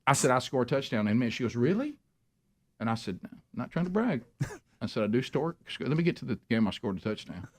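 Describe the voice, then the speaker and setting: A man hosting a talk show, telling a long animated story and acting out the voices of both people in it. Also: mid-range voice, fast talker. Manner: animated storyteller, acts out dialogue. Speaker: radio show host.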